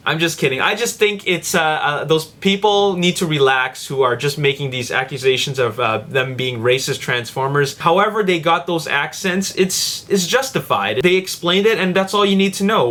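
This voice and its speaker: Guy ranting on his review vlog, bright kinda high voice, blunt and opinionated. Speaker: video reviewer.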